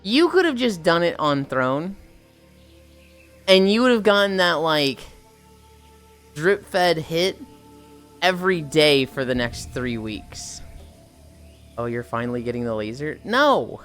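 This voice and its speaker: A woman talks to her stream at home, swearing freely and joking with viewers. Her voice sits low but swings widely in pitch. Faint music plays behind her. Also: lively intonation, takes it slowly, pauses often. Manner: profane, joking, reads chat aloud. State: stretching, groaning with effort. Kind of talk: casual live-stream chat. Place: at home, indoors.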